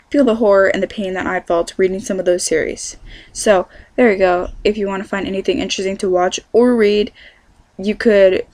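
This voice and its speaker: A woman's voice: mid-range voice, dry recording. A teenage girl from California, chatting casually through a question-and-answer vlog, rambling with lots of ums. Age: teens. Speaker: vlogger.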